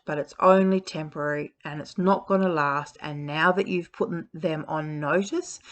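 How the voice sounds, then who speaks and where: A woman giving frank relationship advice in a casual talk, speaking bluntly with frequent fillers. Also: low-pitched.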